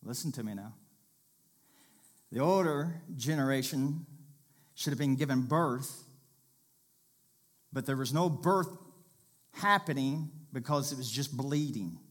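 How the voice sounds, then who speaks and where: A male preacher at a mid-range pitch, reading scripture and preaching with dramatic swings in loudness and emphasis. He keeps turning to the congregation with direct calls for their attention. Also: measured pace, long pauses. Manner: dramatic, animated reading with sudden loud and soft turns.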